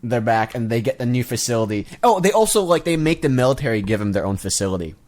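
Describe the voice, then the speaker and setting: A man's voice: mid-range voice, sing-song, fast, a little mellow. Man rambling through a movie recap. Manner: rambling recap with mocking quoted voices and laughs. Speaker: podcast co-host. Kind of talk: casual movie discussion.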